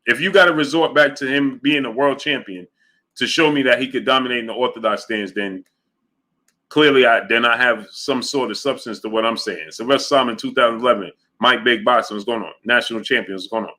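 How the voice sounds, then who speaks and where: A man's voice: mid-range voice, fairly quick, pushed and bright. A man hosting a boxing livestream, arguing his points emphatically and repeating them while reading out viewer chat messages. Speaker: boxing show host.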